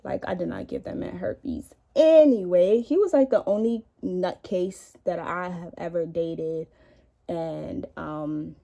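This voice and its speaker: A woman's voice: lowish voice, slow, gravelly, dark tone. A young woman telling a rambling, profane story in a casual makeup vlog, recorded indoors at home on a camera in front of her. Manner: chatty, profane, rambling, with many likes. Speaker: beauty vlogger.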